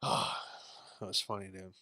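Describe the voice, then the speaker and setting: Speaking slowly in a deep, creaky voice that's still bright and forceful, a young podcast host spins a comedic story. His intonation is lively, and he rambles in a relaxed way, using lots of fillers and slang.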